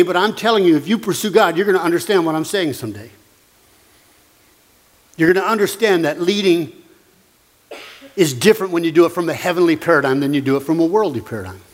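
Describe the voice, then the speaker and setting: A man's voice: sits high, big-room sound. A man preaching a sermon as pastor, earnest and conversational, with emphatic repetition.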